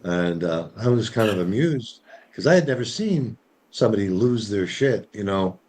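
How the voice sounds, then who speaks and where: A man's voice: lowish voice, lively intonation, moderate pace, darkish tone. A man sharing a personal story in a casual group talk, rambling with many fillers. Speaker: discussion participant.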